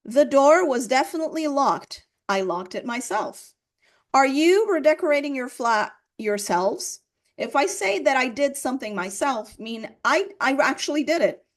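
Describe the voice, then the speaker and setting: Woman, English teacher giving a grammar lesson, slightly high voice, patient and repetitive. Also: lively intonation, normal speed. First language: Portuguese. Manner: explains patiently, repeats examples, checks with "right?".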